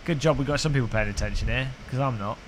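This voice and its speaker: A man's voice: medium pitch, fast, a little hiss or hum. A man, chatting casually with viewers during a sim racing live stream from a basement room. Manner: rambling, chatty, answering viewers while driving.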